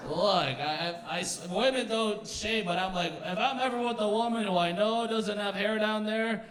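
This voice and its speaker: A man's voice: high voice, normal speed, fairly bright tone, reverberant, far from the mic. A young man doing a stand-up comedy set, rambling and stumbling over his words, acting out his own and other people's lines. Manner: rambling, self-interrupting, acts out quotes.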